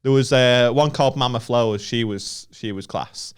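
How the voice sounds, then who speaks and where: A man's voice: mid-range voice, normal speed, clear, resonant tone. A young northern English man co-hosting a comedy podcast in casual, sweary banter, laughing often. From Northern England. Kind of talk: casual chat.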